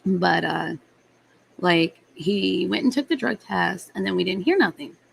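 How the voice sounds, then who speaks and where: A woman's voice: lowish voice, measured pace, creaky, a little hiss or hum, poor audio. A young adult woman hosting a live stream, telling a story in a blunt, heated way and swearing freely. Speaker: livestream host. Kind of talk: casual storytelling to live chat.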